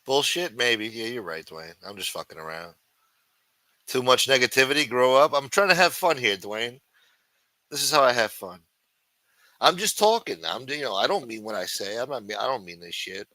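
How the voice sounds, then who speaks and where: This livestream host swears without letup, shouting taunts and then muttering replies to his chat in a loud, profane rant. His medium-pitched voice is expressive and moves at normal speed, with no room sound.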